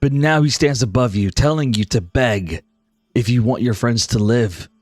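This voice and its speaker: A man's voice: mid-range voice, normal speed, a little mellow, dry recording, clean studio sound. A man narrating as game master of a tabletop game, dramatic with apologetic asides.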